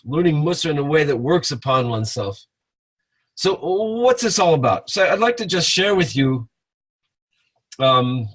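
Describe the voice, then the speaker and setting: Casting: husky, slightly high-voiced man, relaxed storytelling teacher on a webinar call. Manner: storytelling with acted chanting. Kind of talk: informal teaching talk. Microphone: webinar call mic.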